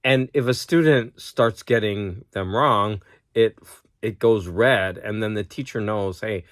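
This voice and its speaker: A schoolteacher who vlogs chats casually to a close-up camera at home, his voice on the low side and his pace measured. Getting over a cold, he rambles, laughs often at his own stories, and talks to his dog. The sound is clean studio quality with no echo.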